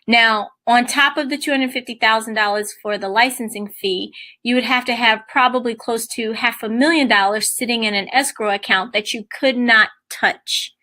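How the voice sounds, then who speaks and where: A woman's voice: fairly high pitch, steady tone, moderate pace, hardly any pauses, pushed and bright. A woman presenting to a live audience in a room, talking in an enthusiastic, conversational way with some fillers.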